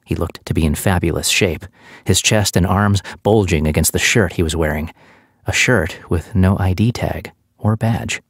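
A man reading an audiobook in steady, scripted narration on a close studio mic. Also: low-pitched, breathy edge, no room sound.

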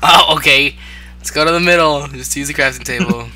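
A young player chatting over a game, reacting in an excitable way. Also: mid-range voice, fairly quick. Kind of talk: casual gaming chat.

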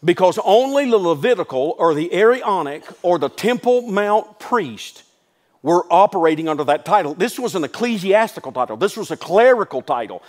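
A man's voice: high-pitched, sing-song, moderate pace. A man pastor preaching a sermon, telling folksy stories and building to emphatic declarations. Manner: folksy asides, calls listeners "son".

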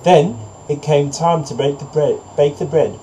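Man, narrator, fable reading, mellow, fairly high voice, moralising. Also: a little slow, a little hiss or hum, rough recording. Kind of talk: storybook narration, then preachy commentary.

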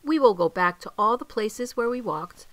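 A woman's voice: fairly high pitch, lively intonation, normal speed, a bit bright, pitched above the performer's own voice. An older woman voicing a cheerful, helpful male frog in a storybook, eager and upbeat.

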